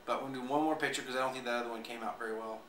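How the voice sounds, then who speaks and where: A man's voice: mid-range voice, fairly even intonation, racing, a bit bright, recorded from a distance. A man giving a casual wine review on video, rambling with plenty of fillers and trying out different pronunciations. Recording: echoey room, voice away from mic.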